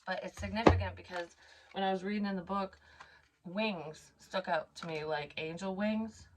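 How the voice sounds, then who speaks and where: A woman's voice: mid-range voice, steady tone, normal speed, noisy background. A woman in her thirties or forties doing a casual psychic card reading, thinking aloud and rambling with many fillers. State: tearful at times.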